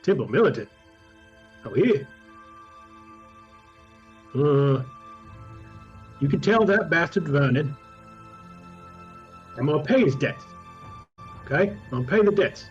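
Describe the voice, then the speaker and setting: A man's voice: fairly high pitch, lively intonation, slow pace, long pauses, soft background music. A man voicing a tipsy, heavy-set bearded villager who blusters and pleads about his debts, on muffled lo-fi audio. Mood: blustering. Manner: blustering, pleading, slurred bravado.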